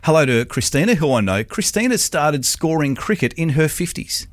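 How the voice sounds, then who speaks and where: A young man hosting breakfast radio, chatty and jokey, a little hoarse from a cough. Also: fairly high pitch, sing-song, normal speed, no echo, clean studio sound. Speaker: radio host. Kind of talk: casual breakfast radio chat.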